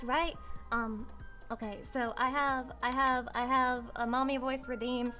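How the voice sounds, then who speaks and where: A woman's voice: on the high side, sharp tone. A young woman livestreaming, chatting casually with her viewers in a crude, playful, rambling way. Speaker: streamer. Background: faint music.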